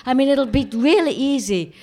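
Woman quoting a calm, coaxing tall husband. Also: extremely high pitch, normal speed, pitched above the performer's own voice. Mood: reassuring. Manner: reassuring, offhand.

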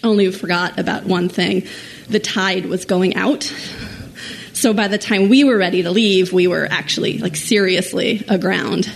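A woman telling a personal story to an audience in an animated, self-mocking way, laughing at herself as she goes. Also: fairly low pitch, moderate pace, gravelly.

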